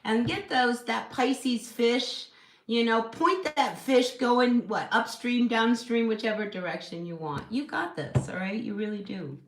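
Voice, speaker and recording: A woman's voice: fairly high pitch, unhurried. A woman hosting a casual live tarot reading at home, chatty and encouraging, with lots of "you know" fillers. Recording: echoey room with steady noise.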